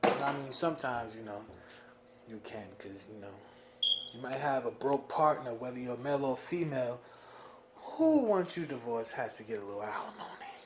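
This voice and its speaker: A young man from New Jersey venting about being a father in a casual monologue, animated, with lots of "you know what I mean". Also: brisk, noisy background. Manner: animated, swings loud and high when worked up, frequent "you know what I mean". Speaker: vlogger talking about fatherhood.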